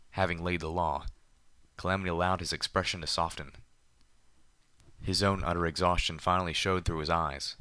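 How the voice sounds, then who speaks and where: A man reading a story aloud in the first person with a measured, deliberate delivery. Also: deep voice, fairly even intonation, sharp tone, clear, resonant tone, no echo, studio quality. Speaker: audiobook narrator.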